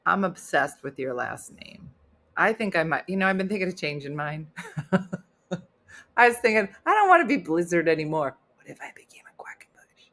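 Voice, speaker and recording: A middle-aged woman hosting a casual livestream chat, playful and teasing with deadpan asides. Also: lowish voice, moderate pace. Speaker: host.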